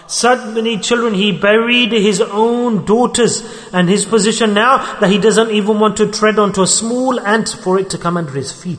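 High-voiced preacher in an echoey hall. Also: male voice, moderate pace, fairly bright tone. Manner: emphatic, rhetorical questions, storytelling. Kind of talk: sermon. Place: large mosque.

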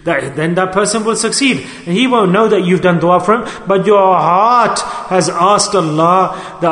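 A man delivering a sermon as a preacher, with a sing-song, drawn-out preaching delivery. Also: sits high, a bit bright. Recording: echoey hall.

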